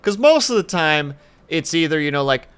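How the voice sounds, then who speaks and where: A man streaming and telling stories in casual chat, animated and quick to swear. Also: on the high side, clear, resonant tone, soft background music.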